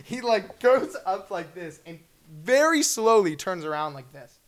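Animated young man telling a story. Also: high-pitched, a little slow. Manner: animated, acts out voices, laughs often, shouts in bursts. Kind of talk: animated storytelling at a fireside chat.

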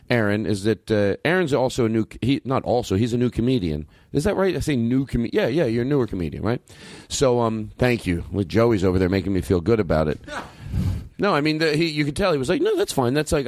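A man's voice: mid-range voice, very animated, a little fast, a little mellow, no room sound, clean studio sound. A man hosting a comedy podcast, chatting in a rambling, self-mocking way full of restarts and fillers. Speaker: podcast host. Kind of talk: casual comedy chat.

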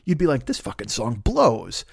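A man hosting a podcast, riffing through a rambling comedic monologue in a profane, animated way, dropping into quick impressions. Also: medium pitch, vocal fry, slightly rough, no room sound, clean studio sound. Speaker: podcast host.

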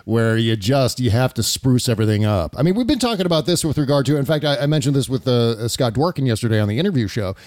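A middle-aged man hosting a podcast, chatting about politics in a quick, joking way. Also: mid-range voice, expressive, darkish tone. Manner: joking, quick, does voices. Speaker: podcast host. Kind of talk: casual political chat.

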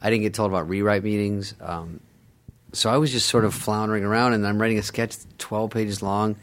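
Wry, low-voiced man telling stories. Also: steady tone. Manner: wry, sarcastic, acts out others in quick voices. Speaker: podcast guest, comedian. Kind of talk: casual storytelling chat.

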